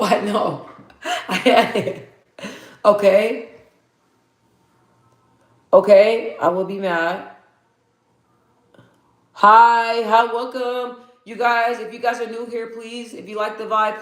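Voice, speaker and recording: A woman's voice: medium pitch, fairly even intonation, unhurried, pauses often, roomy sound. Chatty woman hosting a live Q&A. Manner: hyper and chatty, laughs often, reads viewer answers aloud. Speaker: livestream host. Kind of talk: casual live Q&A chat.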